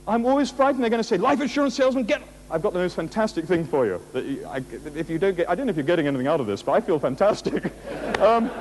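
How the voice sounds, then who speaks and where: Lively high-pitched man giving a motivational talk. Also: fairly quick, pauses often, background noise. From England. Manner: animated, jokey, rhetorical questions, laughs at his own stories. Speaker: motivational speaker. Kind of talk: motivational speech to an audience.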